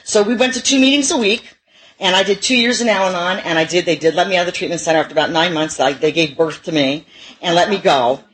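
A woman's voice: lowish voice, steady tone, quick pace, poor audio. Candid self-mocking woman sharing her story. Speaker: recovery meeting speaker. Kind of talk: personal testimony talk.

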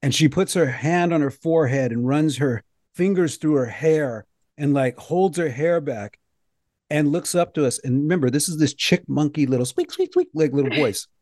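Guy hosting a health podcast, jokey and lively storyteller, dry close sound. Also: a little high, moderate pace, dry recording. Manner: joking, animated storyteller. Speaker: host. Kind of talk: casual storytelling on a health show.

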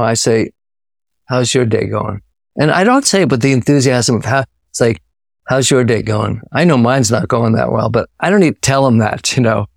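A man from New York talks through ideas in a relaxed, reflective way, often starting a phrase twice before he finds it. His voice sits at a middle pitch and is recorded close and dry, with no room around it. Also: no echo. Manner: reflective, many restarts and repetitions. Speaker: author, guest. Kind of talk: casual interview talk.

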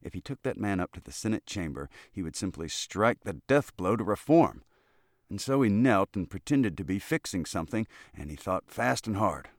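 A man narrating a classic short story with steady, measured storytelling. His voice sits very low, and the recording is close and dry with no room echo. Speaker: audiobook narrator.

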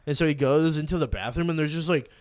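A young man co-hosting a casual chat, retelling scenes in an animated way with lots of swearing and filler words. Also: a little high, fast talker, dry recording, clean studio sound. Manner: animated storytelling, heavy swearing, frequent "like".

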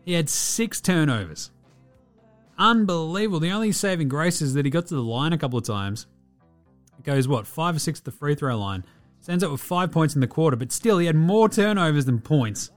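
A man's voice: on the high side, lively intonation, fairly quick, faint music behind. A man hosting a podcast, giving a casual, profane, rambling basketball recap. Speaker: podcast host.

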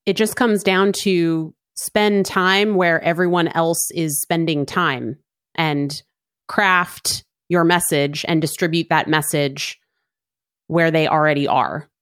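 A woman in a business discussion, explaining her view in a measured, plain-spoken way. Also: low-pitched, steady tone, fairly bright tone, clean tone, no room sound, clean studio sound. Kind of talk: conversational business talk.

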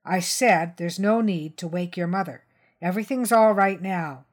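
A woman's voice: fairly low pitch, natural voice. A woman reading the lines of a defensive middle-aged man who insists nothing is wrong. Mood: insistent. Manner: insistent, quick to deny.

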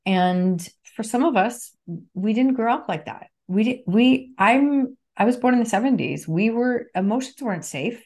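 A woman's voice: on the high side, expressive, normal speed, a little mellow. A woman in her fifties, a guest on an interview podcast, talking earnestly and repeating key phrases for emphasis. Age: 50s. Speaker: podcast guest, NLP trainer and author. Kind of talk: casual interview conversation.

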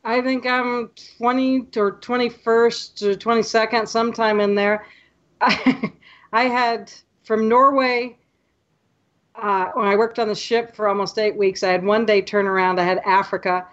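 A woman guest on a podcast, telling lively stories and acting out what people said. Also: a little high, unhurried, highs cut off. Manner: lively storyteller, acts out quotes. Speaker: podcast guest, photography tour leader. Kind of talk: casual podcast chat.

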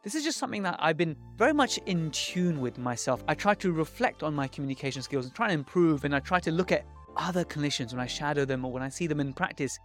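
A man's voice: on the high side, expressive, fast, fairly bright tone. A man who is a dentist hosting a podcast, explaining things in an earnest, reflective way, with faint music behind. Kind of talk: podcast intro and monologue.

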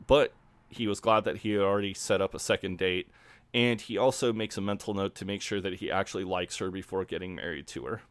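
A man, co-hosting a casual podcast chat, laid-back and quick to swear and laugh. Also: low voice, fairly even intonation, dry recording. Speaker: podcast co-host. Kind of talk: casual chat recapping a TV episode.

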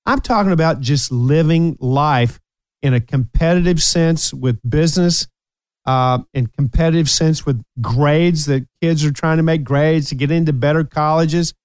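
A man's voice: a little high, unhurried, a little mellow, clean tone, no echo. A man in his sixties hosting a casual talk show, upbeat and teasing. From United States. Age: 60s. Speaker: host. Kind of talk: casual chat.

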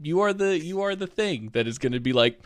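A man's voice: on the high side, expressive, a little fast, dry recording, studio quality. A man co-hosting a podcast, chatting casually, joking and laughing often. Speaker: podcast co-host. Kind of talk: casual chat.

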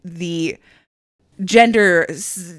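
A woman's voice: on the low side, drawn-out words, no echo, studio quality. Earnest woman making a firm point. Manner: earnest, firm, lots of restarts. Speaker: podcast co-host, parent. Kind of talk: casual chat.

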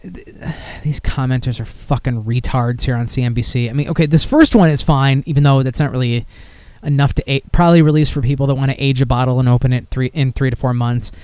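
A man's voice: mid-range voice, steady tone, fast, a little mellow, smooth, no room sound. A man hosting a beer podcast in casual chat, rambling and blunt with frequent swearing. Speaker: podcast host.

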